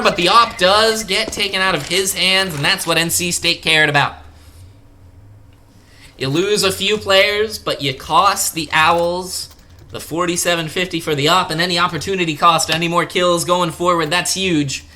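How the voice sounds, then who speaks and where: A young man casting a college esports match live, with quick play-by-play and jokey asides. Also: sits high, slight background noise. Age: young adult. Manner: excitable, jokey, bursts of sudden excitement. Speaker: esports caster.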